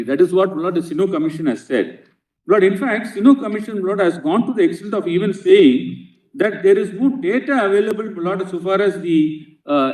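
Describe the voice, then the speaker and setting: Man, Indian English accent, advocate arguing in court, says "Lord" constantly, somewhat high voice, distant mic. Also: a little mellow, roomy sound. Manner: earnest, inserts "Lord" before nearly every phrase. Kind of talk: courtroom legal argument. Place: large courtroom.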